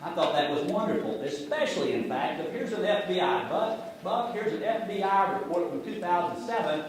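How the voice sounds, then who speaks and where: A man's voice: high-pitched, expressive, normal speed. A middle-aged man, giving a sarcastic, jokey talk on finance to a live audience and speaking to it directly. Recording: echoey hall from far off, noisy.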